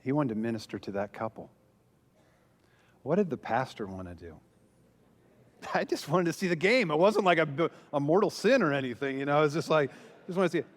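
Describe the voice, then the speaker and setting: A man gives a talk to a conference crowd, telling a story and acting out what each person said. His voice sits a bit high for a man. The sound carries a long reverb from a large hall. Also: a little fast, pauses often. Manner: animated storyteller, acts out quoted lines. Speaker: pastor. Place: large hall before an audience.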